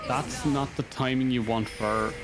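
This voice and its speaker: A man's voice: medium pitch, fairly even intonation, a little slow. A man casting a live esports match, rattling off play-by-play with rambling asides. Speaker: esports caster. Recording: music playing underneath.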